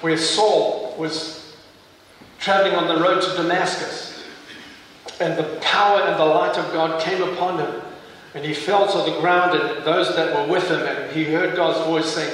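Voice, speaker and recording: A man's voice: fairly high pitch, steady tone, unhurried, a bit bright, a little hiss or hum. A man with a South African accent giving an intense testimony sermon, building to fervent emphasis. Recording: echoey hall, mic heard from far off.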